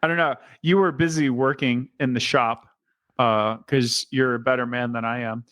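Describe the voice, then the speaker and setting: A man's voice: medium pitch, fairly even intonation, moderate pace, a bit bright, no echo. A man co-hosting a podcast in casual chat, chatty and enthusiastic, joking as he goes. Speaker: podcast co-host.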